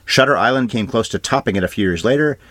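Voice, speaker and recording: A man co-hosting a film podcast, running briskly through award trivia and box office numbers with dry asides. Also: mid-range voice, animated, fairly bright tone, no echo. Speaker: podcast co-host. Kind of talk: casual film review chat.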